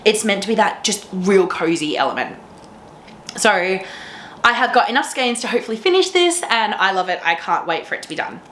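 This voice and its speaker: A woman's voice: medium pitch, very animated, normal speed, a bit bright, echoey room, slight background noise. A young woman hosting a knitting podcast, chatting casually and gushing with enthusiasm. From Australia. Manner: gushing, enthusiastic, laughs often. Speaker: teacher. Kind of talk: casual chat to camera.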